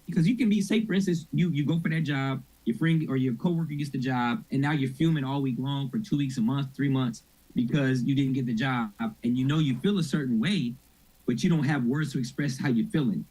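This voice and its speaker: A man's voice: mid-range voice, darkish tone, breathy edge, rough recording. A middle-aged man leading a church mental health workshop in a conversational, informal way, often checking in with his audience. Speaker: mental health ministry speaker.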